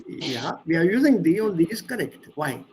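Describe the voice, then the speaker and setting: A man teaching a German class on a video call, explaining grammar in an animated way. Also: high voice, moderate pace, background noise. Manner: animated, explaining, switching between English and German. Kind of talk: online language lesson.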